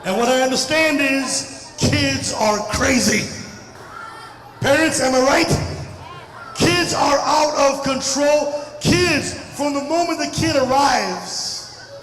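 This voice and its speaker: A middle-aged Indian man performs stand-up comedy in a large hall at a community festival, bantering loudly and playfully with the crowd in an animated way. His voice is very high-pitched and he takes his time. The distant hall mic is echoey and picks up crowd noise, with the audience murmuring and laughing in the background.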